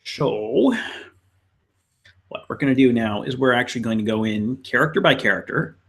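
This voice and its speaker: A man's voice: medium pitch, moderate pace, a bit bright. A man illustrator chatting casually on a live stream, rambling and talking to himself while he draws. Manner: rambling, self-talking, scattered fillers.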